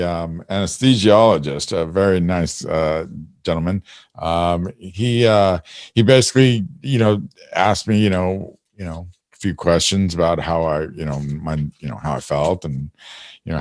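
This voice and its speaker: A man hosting a podcast, talking hoarsely after throat surgery, rambling through a story with lots of fillers. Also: low-pitched, moderate pace, a little mellow, no room sound, studio quality. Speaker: podcast host. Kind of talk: casual chat.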